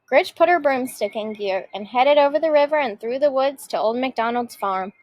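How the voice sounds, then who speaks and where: A woman teacher reading a picture book aloud with lively expression. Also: high voice, moderate pace, slight background noise, low-quality recording.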